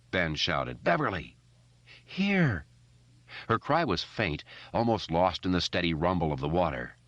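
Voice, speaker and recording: A man narrating an audiobook in a steady, measured reading. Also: sits low, no echo. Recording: dry, slightly muffled recording.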